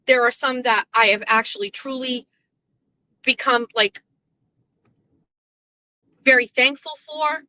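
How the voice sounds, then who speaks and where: A woman's voice: sits high, slow pace, pauses often, bright, forceful tone, rough recording. A middle-aged woman hosting her own show, venting bluntly and profanely in a rambling monologue from her parked car. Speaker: host.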